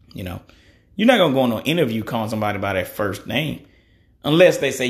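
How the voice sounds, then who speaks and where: Blunt thirtysomething guy ranting his opinions, gravelly voice that bounces all over in pitch. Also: big pitch swings, fast. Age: 30s. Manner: blunt, cussing, conversational; frequent "you know" fillers. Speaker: podcast host. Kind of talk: opinion monologue.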